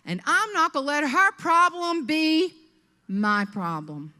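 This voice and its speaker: Calm principled husband, matter-of-fact, as a southern lady quotes him, big hall echo. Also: high-pitched, takes it slowly, voice pushed up, exaggerated voice.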